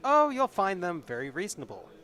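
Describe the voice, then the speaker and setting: A man's voice: high-pitched, wildly swooping pitch, fairly quick, bright, forceful tone, voice pushed up, full character voice. A man voicing a chatty, motherly village landlady in a solo tabletop game. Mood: welcoming.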